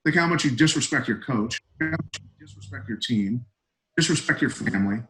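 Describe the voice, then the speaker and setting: A middle-aged man, a retired fighter, telling stories as a podcast guest in a blunt, emphatic, animated way. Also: medium pitch, brisk, rough recording. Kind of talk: casual podcast storytelling.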